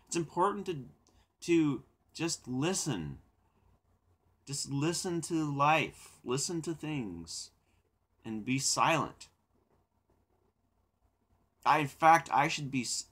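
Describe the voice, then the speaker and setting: A young man hosts a live stream, chatting casually and rambling with viewers, repeating words and laughing along the way. His voice is fairly high and a little rough. When the topic turns to silence, he becomes calm and reflective.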